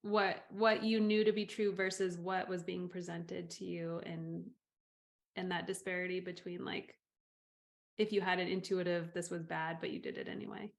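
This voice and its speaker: Gentle woman host with a creaky voice. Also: on the low side, flat delivery, moderate pace. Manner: gentle, encouraging, lots of soft affirmations. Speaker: podcast host. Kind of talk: interview conversation.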